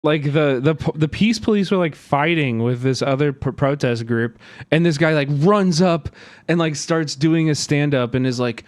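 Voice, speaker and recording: A man's voice: mid-range voice, normal speed, clean tone, no room sound, clean studio sound. A man streaming live, telling a story in an agitated, profane way that rambles with many fillers.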